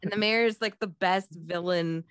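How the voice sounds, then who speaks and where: A young woman co-hosting a casual movie-chat podcast, animated and profane, often jumping into mocking high-pitched impressions of characters. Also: normal speed, clean tone, no echo, studio quality. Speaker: podcast co-host.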